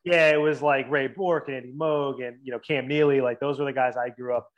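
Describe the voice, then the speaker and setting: Fast-talking man in casual interview. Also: mid-range voice, fairly even intonation, muffled recording, over a noisy crowd. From Boston area and New Jersey. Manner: quick, rambling, with many fillers and restarts. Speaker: guest, writer.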